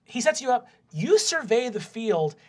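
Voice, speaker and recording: A man's voice: very high-pitched, very animated, a little slow, a little mellow. A young man narrating a tabletop game as game master, casual and full of fillers and swearing.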